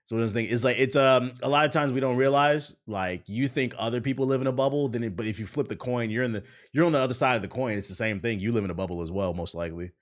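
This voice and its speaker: A man hosting a livestream, chatting casually and retelling arguments by quoting people in lively bursts. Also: mid-range voice, fast, few pauses. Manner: animated storytelling, quoting others. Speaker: livestream host. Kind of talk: casual stream chat.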